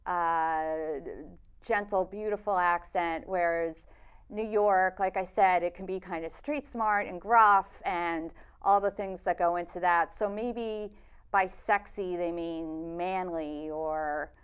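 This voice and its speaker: Interview guest: woman, low-pitched and smooth, speaks in measured, reflective answers. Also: steady tone. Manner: thoughtful, measured, with fillers. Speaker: documentary filmmaker, interview guest.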